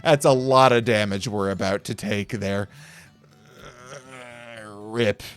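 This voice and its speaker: A young man giving playful, jokey play-by-play commentary on card game duels, with quick excited reactions. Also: lowish voice, soft background music.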